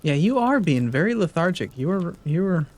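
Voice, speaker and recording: Man, American accent, casual gaming chat, rambling, lots of fillers, slightly high pitch. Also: sing-song, normal speed. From United States. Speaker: co-player.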